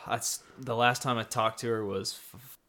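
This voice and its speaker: A man's voice: medium pitch, fairly even intonation, normal speed, bright, forceful tone. A young man co-hosting a casual podcast, laid-back and teasing as he reasons through his point. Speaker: podcast co-host. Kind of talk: casual anime recap chat.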